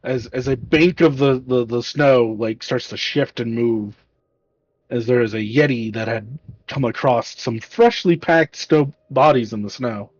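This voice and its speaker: A man narrating a tabletop game as game master, in a casual, halting way with restarts. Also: mid-range voice, lo-fi sound.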